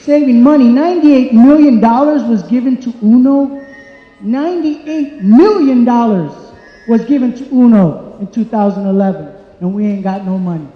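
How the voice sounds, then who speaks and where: A man's voice: extremely high pitch, fairly quick, soft background music. A man giving an angry, emphatic public comment at a community meeting in a church hall, repeating his points. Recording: echoey hall, dull sound.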